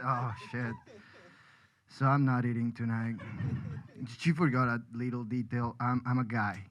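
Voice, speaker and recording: A man's voice: mid-range voice, fairly even intonation, unhurried, fairly bright tone, rough recording. A man from Colombia, a comedian rambling through a self-deprecating stand-up set with frequent restarts.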